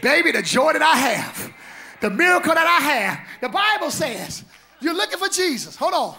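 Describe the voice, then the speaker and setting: A man pastor preaching an Easter sermon live in a church on a handheld mic, exuberant and shouting, laughing and trading call-and-response with the congregation. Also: very high voice, big pitch swings, normal speed, gravelly. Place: church sanctuary. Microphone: handheld microphone.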